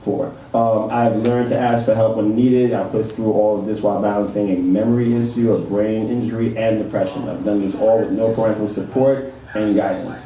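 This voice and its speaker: A man's voice: fairly low pitch, warm tone. A man hosting a casual talk-show interview, reading posts aloud and laughing easily. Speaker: host, interviewer. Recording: echoey room, mic far off, faint noise.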